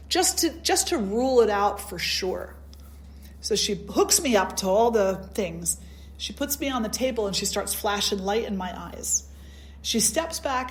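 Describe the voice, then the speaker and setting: A middle-aged woman gives a storytelling talk at a satsang, her voice sitting at an ordinary middle pitch. She acts out the dialogue in her story, shifting her voice for each person she quotes. The delivery is conversational, like a spiritual teacher talking with a circle.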